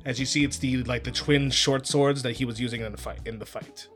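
A man narrates a tabletop game as game master in loose, rambling sentences. His voice is bright and sits in a middle register. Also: mid-range voice, steady tone, a little fast, faint music behind. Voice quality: loose, filler-heavy narration.

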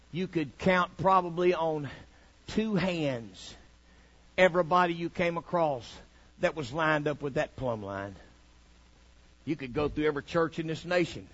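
A man preaching a fiery sermon, swinging from shouted lines to low, mocking asides. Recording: dull lo-fi recording.

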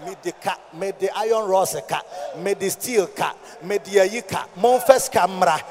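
Ghanaian male pastor, high voice, preaching in an echoing hall, swings from quiet to shouted sing-song. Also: moderate pace, over music. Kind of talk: sermon. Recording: hall reverb.

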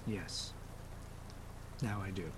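An actor in an audio drama playing a dying father who speaks in a halting, regretful, soft manner. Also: deep voice, steady tone, a little hiss or hum. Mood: weary. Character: dying father, remorseful and quietly self-mocking.

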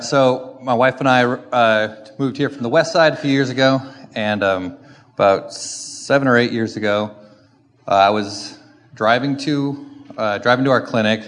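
A middle-aged man giving a lively personal testimony in church, acting out his own frustrated rants as he tells the story. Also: lowish voice. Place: church sanctuary. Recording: echoey hall with faint background noise.

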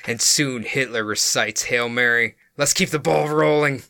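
Bright dry male podcast narrator. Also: medium pitch, unhurried, gravelly, no room sound. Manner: casual, amused. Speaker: podcast host narrating a case. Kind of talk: storytelling narration.

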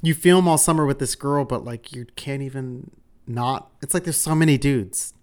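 Very low-voiced woman chatting casually. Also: normal speed, a little mellow. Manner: candid, swears freely, frequent restarts and "like". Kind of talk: casual chat about reality TV.

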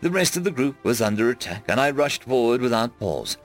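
A man narrating a web serial chapter aloud in first person, reading expressively with big dramatic swings and shouting out the dialogue. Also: medium pitch, sing-song, brisk, faint music behind. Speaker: audiobook narrator.

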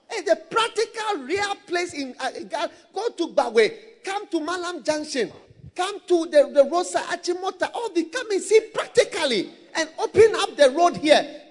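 High-voiced, animated preacher. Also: male voice. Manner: animated storytelling, bursts of shouting and laughter. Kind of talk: sermon. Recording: long hall reverb.

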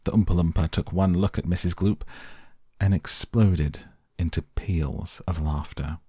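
A man reading a children's book aloud in a measured, expressive way. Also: low voice, slightly rough, no room sound, studio quality. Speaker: storyteller.

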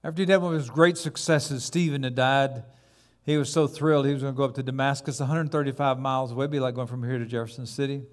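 A man's voice: mid-range voice, steady tone, quick pace. A man preaching a sermon as pastor, building dramatically to emphatic repeated words.

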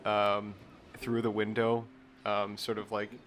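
A man's voice: on the low side, completely flat delivery, unhurried, slight background noise. A man narrating a tabletop game as game master, describing scenes hesitantly with chuckles.

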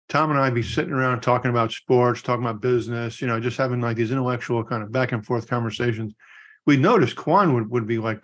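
Middle-aged male co-host, easy storyteller, mid-pitched voice. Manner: storytelling, animated quotes. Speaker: podcast co-host. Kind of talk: casual chat.

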